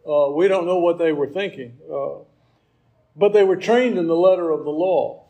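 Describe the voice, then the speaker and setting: A man delivers a sermon in a conversational teaching style, stopping to explain verses with offhand asides. His voice sits a touch high and has a mellow, warm tone. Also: moderate pace, creaky, low-quality recording. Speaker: preacher.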